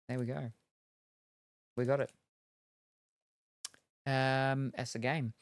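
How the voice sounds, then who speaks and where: A man's voice: mid-range voice, flat delivery, slow, long pauses, dry recording, clean studio sound. Rambling, laid-back male streamer. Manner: rambling, self-deprecating, lots of ums. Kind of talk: casual chat while gaming.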